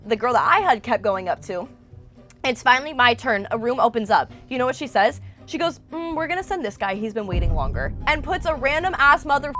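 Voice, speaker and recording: A young woman co-hosting a podcast, telling a story in animated, gossipy casual chat and swearing freely. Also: a little high. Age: young adult. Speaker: podcast co-host.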